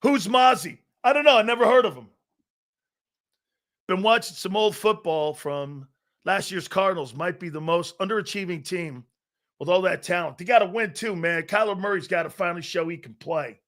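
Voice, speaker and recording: A brash male sports talk host with a notably high voice for a man. He rants in a mocking, profane way, shooting down callers and rivals. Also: moderate pace, a bit bright. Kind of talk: casual sports talk rant.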